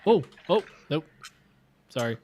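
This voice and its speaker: A man's voice: fairly high pitch, very animated, measured pace, a little mellow, breathy edge, highs cut off. A man co-hosting a casual podcast pre-show, joking around with playful wordplay over a video call. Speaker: podcast co-host. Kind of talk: casual chat.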